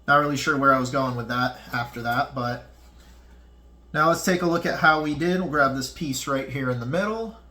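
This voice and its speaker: A man's voice: mid-range voice, normal speed, sharp tone. A man hosting a casual cooking tutorial in a home kitchen, chatting loosely to his viewers. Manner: chatty, loose, talks to viewers while eating. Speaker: fitness cooking channel host. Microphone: camera mic on a tripod.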